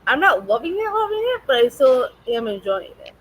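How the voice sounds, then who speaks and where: Giggly higher-voiced woman host. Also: big pitch swings, fairly quick, a crowd in the background, poor audio. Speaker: podcast host. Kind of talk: casual chat about books.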